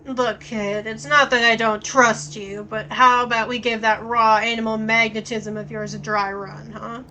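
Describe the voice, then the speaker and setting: A woman voicing a gruff, streetwise male vampire with a gravelly, blunt and sardonic way of talking, in a story game. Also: on the high side, flat delivery, moderate pace, sharp tone, slight background noise, poor audio.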